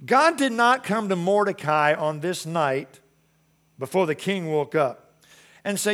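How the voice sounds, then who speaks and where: A preacher delivering a sermon with emphatic, repeated phrases. He swings from strong declarations down to quiet, soft lines, in a voice pitched somewhat high for a man. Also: expressive, a little slow. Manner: emphatic, repetitive, swings between loud and soft. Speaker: pastor.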